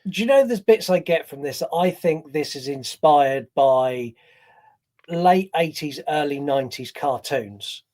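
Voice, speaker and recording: A man's voice: on the high side, a little slow. A man co-hosting a podcast, chatting casually about a film and acting out its scenes. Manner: animated, acts out scenes in quoted voices. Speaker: podcast co-host. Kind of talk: casual film review chat.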